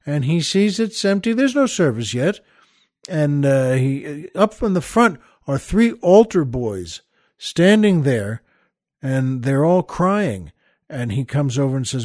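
A man's voice: a little high, big pitch swings, measured pace, darkish tone, dry recording, studio quality. An older man hosting a casual comedy podcast, rambling through plugs and a joke with a chuckle, stopping and restarting, doing small voices for the characters. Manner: rambling, chuckling storyteller who tells jokes with little voices. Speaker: podcast host.

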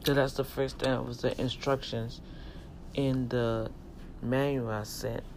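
Medium in pitch and level in tone, this unhurried male voice carries a little hiss or hum. He's a vlogger and self-publisher, folksy and emphatic, giving viewers a direct, sermon-like rant to camera that nudges them toward God.

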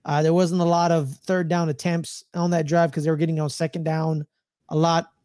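A man's voice: a little high, level tone, normal speed, a little mellow, no room sound, clean studio sound. A man co-hosting a sports podcast, ranting in a loose, slangy way and repeating himself. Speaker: podcast co-host. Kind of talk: casual sports chat.

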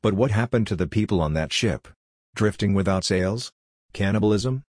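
A man voicing a hostile, scornful old male senator who talks bluntly in a dry, husky voice. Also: fairly low pitch, normal speed, a little mellow, dry recording, natural voice. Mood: accusing. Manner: blunt, dismissive.

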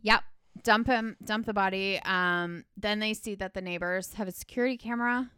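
A woman's voice: medium pitch, moderate pace, bright, forceful tone, smooth, dry recording. Woman rambling through a movie recap, lots of "like", dry close sound. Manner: chatty, rambling, lots of filler words. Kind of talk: casual chat.

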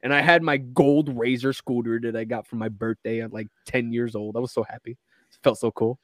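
A man's voice: medium pitch, fairly even intonation, fairly quick, no room sound. A man guesting on a casual podcast, telling stories animatedly, laughing often and saying "like" a lot.

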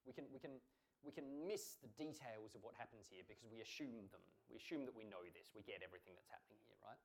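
A man's voice: fairly low pitch, fast talker, creaky. Earnest man preaching a sermon. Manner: earnest, emphatic preaching with rhetorical questions.

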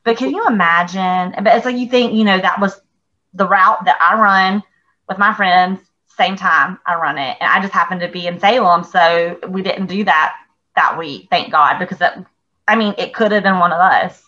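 Bright-voiced, animated woman storyteller. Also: lowish voice, normal speed, dull audio. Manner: animated storytelling, swears freely, laughs often. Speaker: podcast co-host. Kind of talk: casual chat.

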